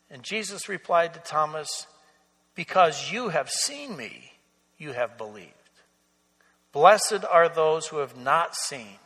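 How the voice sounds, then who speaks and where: A man preaching a sermon as pastor, slow and earnest, letting his phrases trail off softly. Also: a little high. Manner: slow, earnest preaching with soft, drawn-out endings. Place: church sanctuary. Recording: long church reverb.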